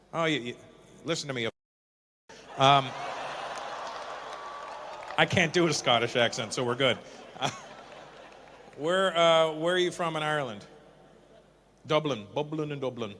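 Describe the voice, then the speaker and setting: Stand-up comedian, male, middle-aged, teasing crowd work, slightly high and punchy. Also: pushed and bright, a little hiss or hum. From Canada. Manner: teasing, quick back-and-forth with audience.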